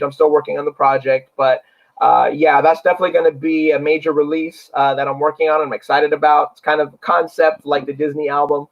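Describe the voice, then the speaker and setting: A man's voice: on the high side, creaky. A man, an actor and paranormal investigator, telling a story in a casual interview in an earnest, rambling way with many fillers. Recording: dull lo-fi recording.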